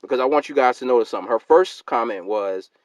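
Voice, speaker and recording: Brief: grown man, mid-pitched, delivering a fired-up argumentative solo rant, dry close sound. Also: quick pace, dry recording, low-quality recording. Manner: emphatic and argumentative, repeats points, calls listeners fam and sister. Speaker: YouTube channel host. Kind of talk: heated solo rant to camera.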